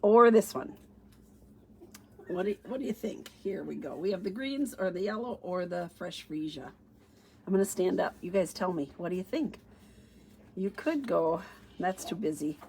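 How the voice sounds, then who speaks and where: This middle-aged woman talks through paper-craft stamping on a casual livestream, chatty and thinking out loud with fillers and mild allergy sniffles. Her low, creaky, darkish voice has lively intonation and a moderate pace with long pauses, plus a little hiss or hum.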